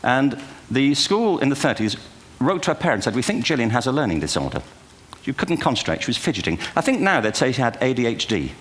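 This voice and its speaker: Speaking fast with few pauses, an older man in a large auditorium gives a live audience a humorous keynote. His medium-pitched voice is very animated and a bit bright, and he peppers the talk with wry, self-deprecating anecdotes.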